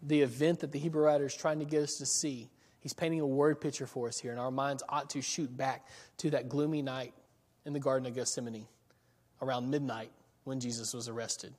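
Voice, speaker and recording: A man's voice: mid-range voice, fairly even intonation, darkish tone. Earnest preacher man in a reverberant hall. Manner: earnest, pausing, repeats words when building a point. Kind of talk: sermon.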